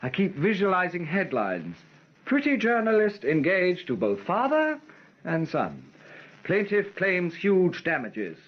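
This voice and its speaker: Nervy posh young guy, dry and wry, husky, swings his pitch a lot. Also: wildly swooping pitch, unhurried, muffled recording, exaggerated voice. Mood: fretful. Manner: wry, fretful, clipped. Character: anxious young aristocrat, fiancé, wry.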